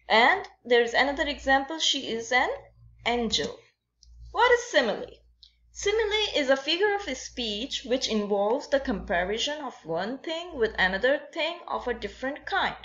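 A woman's voice: high voice, sing-song, unhurried, fairly bright tone. A woman explaining an English lesson to students, often repeating herself and restarting with fillers. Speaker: English teacher. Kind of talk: classroom-style explainer lesson. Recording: dull lo-fi recording.

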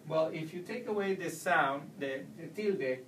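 A man giving a Spanish pronunciation lesson, slowly explaining and repeating example words. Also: on the high side, a bit bright, slight background noise. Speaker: Spanish teacher. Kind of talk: video language lesson. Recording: echoey room, mic at a distance.

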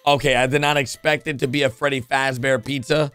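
This man's commentary on funny videos is relaxed and excitable, full of exclamations and sudden jumps in thought. His mid-range voice is smooth and fairly quick, and soft background music plays underneath.

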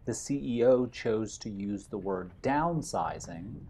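A man giving a vocabulary lesson while walking outdoors on a hiking trail, in a measured way, defining each word and then restating his example. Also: lowish voice, lively intonation, warm tone, slight background noise. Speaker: vocabulary teacher.

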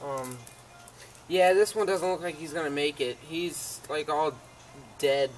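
A man's voice: fairly high pitch, measured pace, a little hiss or hum, poor audio. Tired rambling man in a garden. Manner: rambling, self-interrupting, talks to his dog. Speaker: home gardener. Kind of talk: casual rambling vlog. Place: outdoor garden.

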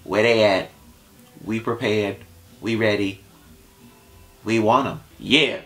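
A young man in a casual reaction vlog, talking straight to his viewers in an animated, slangy way. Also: fairly low pitch, slow. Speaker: YouTube music reactor.

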